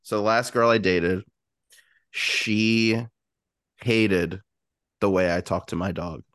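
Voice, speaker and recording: Low-voiced man chatting on a podcast. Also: fairly even intonation, slow, fairly bright tone, dry recording, clean studio sound. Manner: chatty, puts on baby talk for his dog. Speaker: podcast co-host. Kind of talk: casual chat.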